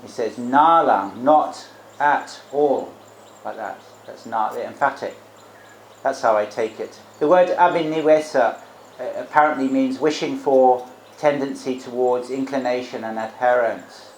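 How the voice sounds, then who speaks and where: A man's voice: medium pitch, moderate pace, a little mellow. A man giving a Buddhist Dhamma talk as a monk teacher, reflective, explaining terms and adding rhetorical tag questions. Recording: roomy echo, faint background noise.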